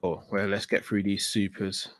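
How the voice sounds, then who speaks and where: A man's voice: lowish voice, normal speed, no room sound. Laid-back man hosting a stream. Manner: relaxed, slangy, shouts out viewers. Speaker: host reading viewer messages. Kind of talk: casual live-stream chat.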